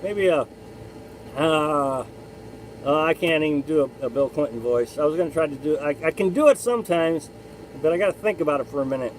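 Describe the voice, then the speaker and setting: High-voiced man chatting on a live stream. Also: fairly quick, slight background noise, poor audio. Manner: rambling, chatty, frequent restarts. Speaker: live stream host reading chat. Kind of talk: casual live chat.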